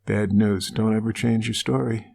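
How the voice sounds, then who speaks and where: A man's voice: on the low side, steady tone, moderate pace, creaky, darkish tone. A man co-hosting a true-crime podcast, retelling a case casually with wry asides. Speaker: podcast co-host.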